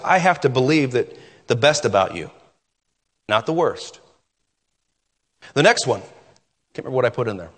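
A middle-aged man preaching from the pulpit, his fairly high voice swooping up and down as he drives his points home. He repeats key phrases for emphasis. The sound rings out with the long reverb of a church hall. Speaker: pastor. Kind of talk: sermon. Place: church sanctuary.

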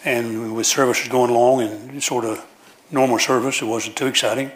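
Man preacher, homespun sermon delivery, repeats and restarts phrases, average pitch, church. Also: little pitch movement, moderate pace. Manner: folksy storytelling with frequent restarts and repetition.

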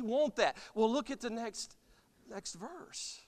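A man preaching an impassioned sermon as pastor, swinging from loud cries to soft, quiet lines. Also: very high-pitched, animated, slow pace. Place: church sanctuary. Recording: long church reverb.

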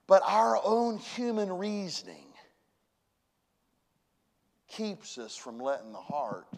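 A man preaching a sermon as pastor, folksy and emphatic, dropping to a hush and then rising to loud exhortation. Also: on the high side.

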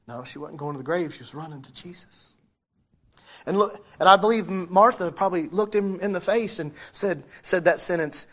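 A pastor with a fairly bright, somewhat high male voice preaches at normal speed, talking the sermon through with his congregation. He reads scripture aloud, corrects himself along the way, and keeps the tone conversational by asking the congregation questions.

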